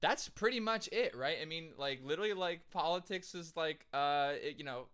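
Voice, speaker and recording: A man's voice: on the high side, big pitch swings, moderate pace, fairly bright tone. An amused man from the United States giving casual reaction commentary, laughing often and chatting loosely with plenty of fillers. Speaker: reaction video host.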